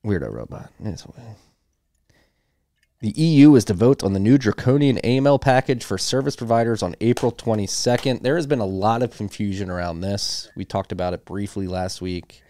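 A man's voice: fairly low pitch, moderate pace, mellow, no room sound, clean studio sound. A man hosting a podcast, reading news items in casual chat with a joking, teasing manner.

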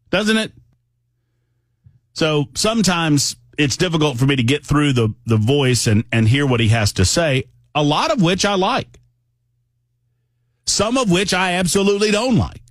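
A man's voice: on the high side, lively intonation, unhurried, long pauses, dry recording, studio quality. A man hosting a political talk radio show, speaking in a conversational, emphatic monologue that often wanders off on tangents.

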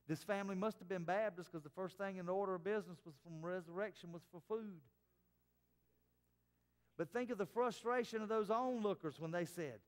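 Pastor preaching in a reverberant church. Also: male voice, sits high, fairly quick, clear, resonant tone. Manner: preaching with sudden drops to soft, hushed quotes. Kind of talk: sermon. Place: church sanctuary.

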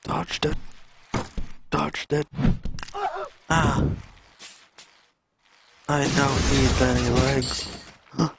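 Gravelly young man streaming a game. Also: mid-range voice, extremely slow, pauses often, background noise. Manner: excitable, exclaiming and cursing at the game. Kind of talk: live gameplay commentary.

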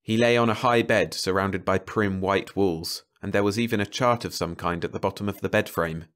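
In a slow, steady storytelling style, a low-voiced man reads a science fiction novel aloud for an audiobook.

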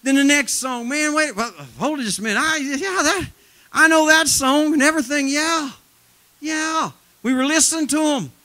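Fiery high-voiced man preaching. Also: moderate pace. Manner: emphatic, swings from shouting to low intense tones; folksy, laughs at his own stories. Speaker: traveling preacher. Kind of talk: live sermon with storytelling. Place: church sanctuary.

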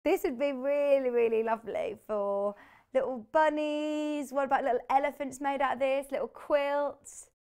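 A woman's voice: sits high, moderate pace, darkish tone. A woman presenting live on a shopping channel from a TV studio, chatty and bubbly, laughing easily as she shows fabrics. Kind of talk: live TV product selling.

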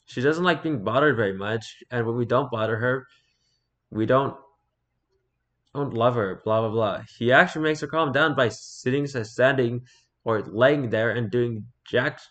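A man's voice: medium pitch, a bit bright. Casual man reading stories aloud. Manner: reads haltingly, stumbles and repeats words, then comments offhand. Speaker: streamer reading online stories. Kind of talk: casual read-aloud with commentary.

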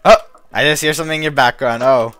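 A man live-streaming a game, chatting in a rambling, excitable way with a friend over voice chat. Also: mid-range voice. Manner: rambling and excitable, quick to shout. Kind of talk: casual gaming chat.

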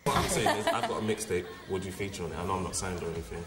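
A man hosting an interview, asking quick, teasing questions. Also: low voice. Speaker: interview host. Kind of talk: casual interview chat. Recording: echoey studio with loud music.

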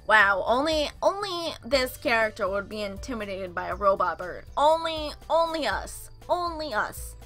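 Bright, high-pitched giggly woman reading a game. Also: sing-song, moderate pace, few pauses, faint music behind. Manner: giggly, playful asides, does silly voices. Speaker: let's play host reading a visual novel. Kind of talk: reading a dating game aloud with commentary.

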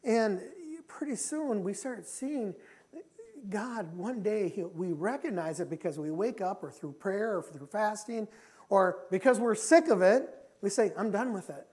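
A male pastor delivers a sermon with fervent, repetitive phrasing, driving certain lines home loudly and then dropping low when he speaks of his own life. His delivery is earnest and confessional. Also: a little slow, slightly rough. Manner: impassioned, repetitive, swings between loud and soft.

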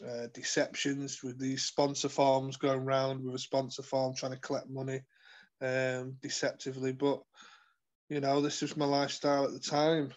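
A man telling his life story as an interview guest, earnest and halting, with many fillers and restarts. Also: medium pitch, monotone. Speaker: guest sharing his testimony. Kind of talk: personal testimony in conversation.

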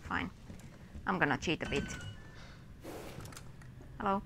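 A woman's voice: medium pitch, huge pitch swings, slow pace, creaky, very noisy. A woman giving casual, exasperated commentary while playing a video game, talking to the enemies on screen. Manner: chatty, exasperated, talks to enemies. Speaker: gamer.

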